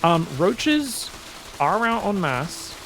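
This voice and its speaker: A man casting a strategy game match solo, excitable and chatty, often calling out to his viewers. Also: sits high, drawn-out words. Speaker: esports caster.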